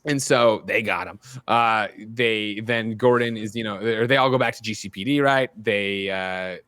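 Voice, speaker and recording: A man's voice: on the low side, normal speed, a bit bright, clean tone, no echo, studio quality. A young adult man co-hosting a casual podcast, recapping film scenes at length in a loose, profane way. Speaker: podcast co-host. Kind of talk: casual film review chat.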